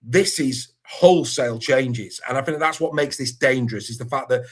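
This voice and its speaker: A man hosting a sports podcast in casual chat, lively and good-humoured as he stumbles over hard names. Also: mid-range voice, normal speed, breathy edge. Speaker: podcast host.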